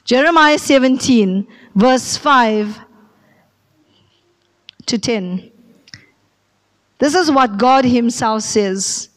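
A middle-aged woman pastor, preaching a sermon and telling a personal story, acting out the people she quotes. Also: fairly high pitch. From South Africa.

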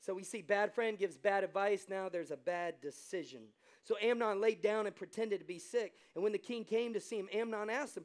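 A male pastor with an American accent preaching a sermon, swinging between quiet asides and loud, fervent exclamations and acting out quoted voices. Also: high voice, moderate pace, hardly any pauses.

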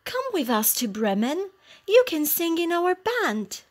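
Woman voicing a gentle old donkey, friendly, slow and clear. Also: very high voice, sing-song, pitched above the performer's own voice, full character voice. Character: old male donkey, kind and encouraging.

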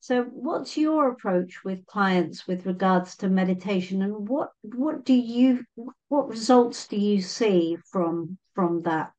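A woman's voice: mid-range voice, lively intonation, takes it slowly, hardly any pauses, a little mellow, muffled recording. A woman hosting an interview, asking her guest questions in a conversational, thoughtful way. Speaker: host and interviewer.

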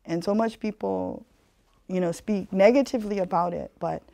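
A woman's voice: fairly low pitch, sing-song, moderate pace, warm tone, no room sound. Earnest woman with a Hawaiian Pidgin lilt. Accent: Hawaiian Pidgin-tinged English. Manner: earnest and conversational, leans on "you know". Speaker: speaker giving a community presentation. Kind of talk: conversational talk with storytelling.

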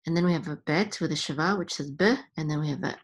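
A woman teaching Hebrew reading step by step, patiently repeating each sound and sometimes sliding into a soft near-whisper. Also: deep voice, fast, breathy edge. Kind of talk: slow step-by-step lesson.

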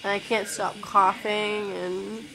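A woman's voice: mid-range voice, level tone, slow, gravelly, low-quality recording. A woman vlogging casually from home while sick and congested, talking in a blunt, profane, rambling way.

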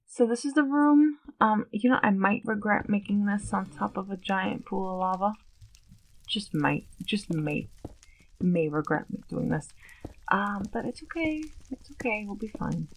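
A woman's voice: medium pitch, expressive, a little slow, a little hiss or hum, low-quality recording. A woman giving casual gameplay commentary, chatty and nervous, often questioning herself aloud. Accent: Long Island put-on at times. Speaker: let's play gamer.

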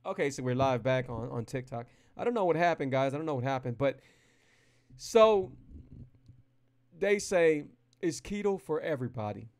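A man with a voice pitched a little above the usual gives a live-streamed motivational talk on keto. He speaks casually and with energy, rambling and repeating phrases as he coaches his viewers directly.

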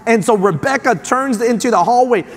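A man, preaching a sermon in a church sanctuary and telling stories in an animated way, with many fillers and restarts. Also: very high-pitched, moderate pace. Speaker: pastor. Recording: long reverb of a church sanctuary.

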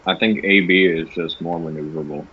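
A man's voice: low-pitched, steady tone, a little fast, breathy edge, phone-quality sound. Young man barking short gaming callouts. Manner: loud short callouts, swears. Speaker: gamer. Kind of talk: casual gaming chat.

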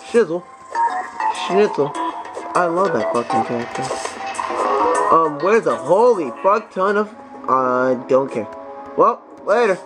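A young man with a high voice that swings wildly in pitch, commentating his gameplay. He swears freely, yelps, and talks straight at the enemies on screen. Game music plays clearly under his voice. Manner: excitable, profane, talks to enemies. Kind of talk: let's play commentary.

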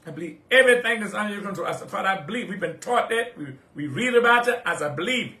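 A man preaches a sermon in a church sanctuary. His voice is bright and pointed, sits a little high for a man, and rings through a reverberant room. He repeats phrases over and over, and the volume climbs whenever he quotes old-style scripture. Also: expressive, fast. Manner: swings between quiet reflection and loud rising exhortation.

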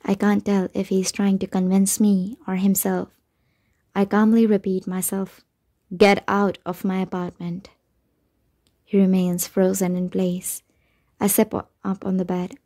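A woman narrating a novel in the first person, in an even, measured reading. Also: medium pitch. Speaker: audiobook narrator.

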